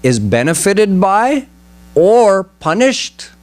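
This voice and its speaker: A man voicing God in a story, answering calmly and patiently in close to his own voice. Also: high voice, slow, voice pushed up, full character voice. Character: God, calm and corrective male deity.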